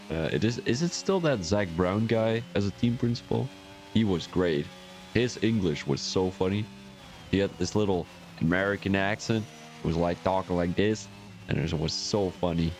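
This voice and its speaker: A man's voice: lowish voice, a little mellow. A man commentating a sim racing league on a live stream, chatty and joking with rambling asides.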